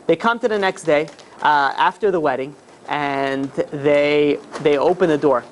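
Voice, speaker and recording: Chatty rabbi telling a story. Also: male voice, on the high side, a little slow, a little hiss or hum. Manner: animated, chatty, many fillers and restarts. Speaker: rabbi teaching a class. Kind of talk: casual storytelling talk to a live group.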